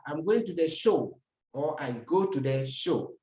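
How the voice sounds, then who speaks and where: A language teacher walks through a lesson, saying each example sentence, then translating it and repeating it. Now and then they turn to the learner with a rhetorical question. The voice sits at an ordinary pitch and rings in a roomy space. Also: expressive, a little slow, dark tone. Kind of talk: recorded lesson. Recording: roomy echo.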